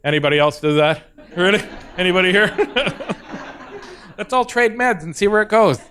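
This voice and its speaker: A man's voice: high-pitched, moderate pace, fairly bright tone. A middle-aged man doing stand-up in front of an audience, telling a story in a self-mocking way and acting out the dialogue. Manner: self-deprecating, acts out dialogue, laughs at own jokes. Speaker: stand-up comedian. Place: stage before a live audience.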